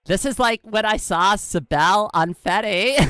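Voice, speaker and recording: A woman chatting casually on a live stream, excitable and giggly, saying "like" a lot. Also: medium pitch, unhurried, no room sound, clean studio sound.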